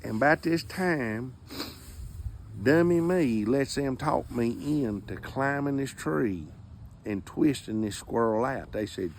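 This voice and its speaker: Gravelly man telling a tale. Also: mid-range voice, animated, slow pace, a little hiss or hum. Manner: drawling folksy storytelling, acts out quotes. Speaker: storyteller comedian. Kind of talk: comic storytelling.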